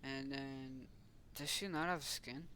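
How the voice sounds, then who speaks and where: A man's voice: medium pitch, steady tone, takes it slowly, sharp tone. A young man casually retelling a story as channel host, rambling and correcting himself as he goes. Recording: noisy home recording.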